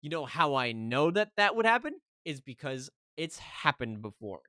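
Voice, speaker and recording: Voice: medium pitch, big pitch swings, normal speed, pushed and bright, no room sound, studio quality. A streamer telling a story to chat in a heated, casual rant, keeping on asking "right?".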